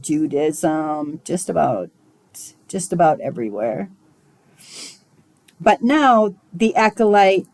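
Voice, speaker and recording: A woman teaches a spiritual class at a very unhurried pace, her voice sitting a little low. She talks in a measured, musing way and sometimes wanders into side thoughts. The sound is dry and close. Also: darkish tone, no room sound, poor audio. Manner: slow, measured and musing, with small digressions. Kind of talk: recorded esoteric lesson.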